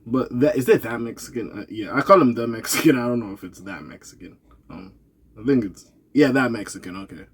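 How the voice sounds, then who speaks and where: A man's voice: medium pitch, brisk, breathy edge. A man giving casual, rambling vlog commentary, loose and slangy, laughing and correcting himself, tired and yawning. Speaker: commentary vlogger.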